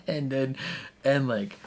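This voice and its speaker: A man's voice: medium pitch, darkish tone. A man hosting a reaction video, talking through an episode in a rambling, casual way, full of "like" and restarts and laughing often as he goes. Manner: rambling, filler-heavy with frequent "like" and restarts.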